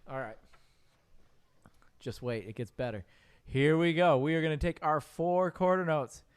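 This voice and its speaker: A man's voice: a little high, lively intonation, unhurried, smooth. A man teaching a piano class, joking with his students while he draws notes with a mouse.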